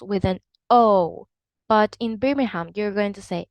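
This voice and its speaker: A woman's voice: mid-range voice, measured pace, darkish tone, no room sound, rough recording. A woman explaining English accents in a lesson, with slightly non-standard phrasing. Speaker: English teacher.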